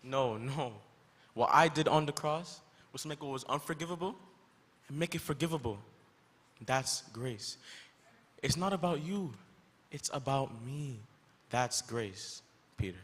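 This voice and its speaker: A man plays Jesus as a calm, patient teacher with a gentle way of speaking. His pitch sits in a middle range. The voice echoes through a large, reverberant school hall. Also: measured pace, pauses often, husky. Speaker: student actor in a school skit. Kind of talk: stage skit acting. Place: school auditorium.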